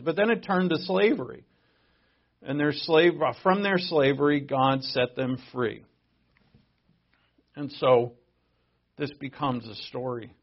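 A middle-aged man preaching a sermon as a pastor, conversational and joking, swinging between loud emphasis and quiet asides. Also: mid-range voice, vocal fry, lo-fi sound.

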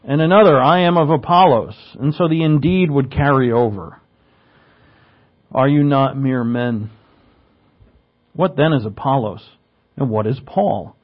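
A man's voice: mid-range voice, measured pace, long pauses. Man preaching a teaching sermon, lo-fi. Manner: teaching, explains Greek words, asks rhetorical questions. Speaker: pastor.

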